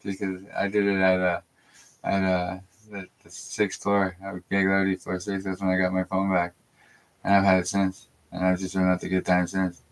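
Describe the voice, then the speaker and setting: A man's voice: low-pitched, monotone, moderate pace, low-quality recording. A man from Canada talking in a rambling, profane monologue, often repeating himself. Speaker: vlogger.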